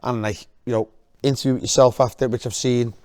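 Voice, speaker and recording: A man co-hosting a casual interview, asking halting, restarting questions. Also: medium pitch, steady tone, darkish tone, clear, resonant tone. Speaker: co-host.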